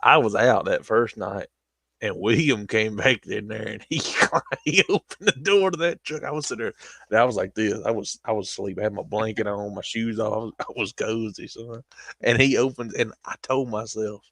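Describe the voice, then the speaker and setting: A man's voice: fairly low pitch, steady tone, moderate pace, vocal fry, a bit bright, no room sound. A young man, rambling through stories in casual chat on a stream. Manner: rambling storytelling with frequent laughter.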